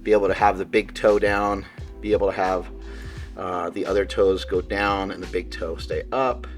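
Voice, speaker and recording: A man's voice: low-pitched, steady tone, moderate pace, faint music behind. A middle-aged man, talking casually and candidly in a gym vlog, rambling and joking as he goes. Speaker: vlogger training for a marathon.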